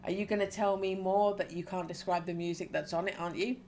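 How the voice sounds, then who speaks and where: A woman's voice: lowish voice, fairly even intonation, fast talker, a little mellow, slight background noise, close to an everyday voice. A woman voicing a jovial middle-aged male biker who runs a record shop, hearty and chatty, in a game read aloud.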